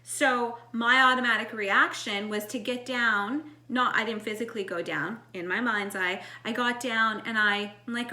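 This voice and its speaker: Bright-voiced woman in her forties, echoey. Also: a little high, unhurried, few pauses. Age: 40s. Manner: earnest, animated, many "like" fillers. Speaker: spiritual vlogger. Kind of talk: casual storytelling.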